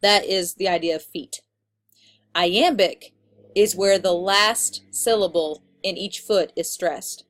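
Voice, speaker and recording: A woman teacher with a slightly low voice walks through a lesson in a relaxed, conversational way. She explains patiently and casually, with a few fillers and restarts as she goes. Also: takes it slowly. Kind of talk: recorded lecture.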